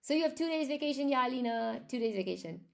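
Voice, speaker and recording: Chatty Irish woman, gravelly edge. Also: high voice, animated, fast, darkish tone. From Ireland. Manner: chatty, reads and answers viewer comments. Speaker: English teacher. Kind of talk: live stream chat with viewers.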